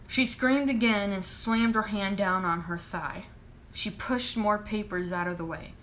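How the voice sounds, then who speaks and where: A woman's voice: mid-range voice, fairly bright tone, slight background noise. A woman author reading a chapter of her own novel aloud, then chatting casually about it. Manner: brisk narration, chatty asides. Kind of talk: live reading and casual chat.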